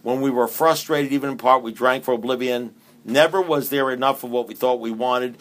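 A man's voice: medium pitch, a little fast, fairly bright tone. A man giving a humorous, emphatic talk at a recovery meeting, with many restarts and repeated phrases. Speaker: AA speaker.

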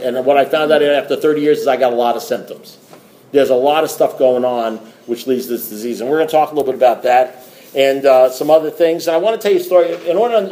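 A middle-aged man at mid pitch talks to a recovery group in a rambling, storytelling way. He restarts and repeats his words and drops wry asides. A faint room noise sits behind the voice. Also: mellow, reverberant. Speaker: recovery meeting speaker.

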